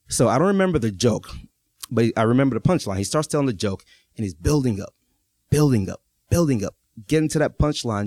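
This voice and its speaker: A man's voice: mid-range voice, expressive, fast, a little mellow, no room sound, studio quality. A man in his thirties from Texas telling a personal story to a live audience, chatty and often checking in with his listeners. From Texas, USA. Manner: conversational, keeps checking in with the audience.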